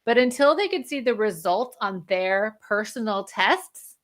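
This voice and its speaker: A woman's voice: medium pitch, animated, a little slow. A woman working as a functional medicine practitioner, explaining health topics energetically in an interview and laughing often. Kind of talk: interview conversation.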